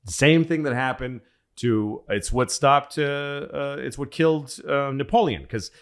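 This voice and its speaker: A man with an average, mid-range voice tells a long, rambling story in casual podcast talk. He is profane and animated, and he jumps from point to point as he goes. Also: mid-range voice, measured pace, smooth. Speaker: comedian guest.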